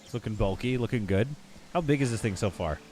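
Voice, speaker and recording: A man's voice: fairly low pitch, quick pace, darkish tone. A man casually thinking aloud and bantering with his chat while he plays a building game on a live stream. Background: background game music.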